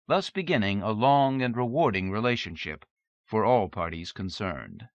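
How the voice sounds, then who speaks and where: A man narrating an audiobook in a steady, measured reading voice, in a dull, dry tape recording. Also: on the low side, dry recording.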